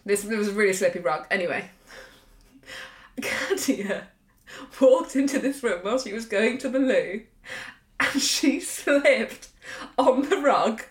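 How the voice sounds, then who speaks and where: A pregnant woman co-hosting a podcast, telling stories in a lively way and swearing freely. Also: a little high, roomy sound. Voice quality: swears freely, animated storyteller. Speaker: podcast co-host. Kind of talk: casual chat.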